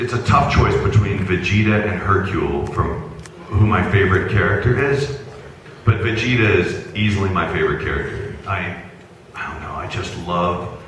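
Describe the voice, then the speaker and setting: A man, a voice actor, chatting casually and jokingly on a convention panel, with plenty of fillers. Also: low voice. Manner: relaxed and joking, with many fillers. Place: large convention panel hall with an audience. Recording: echoey hall taped from far off, noisy.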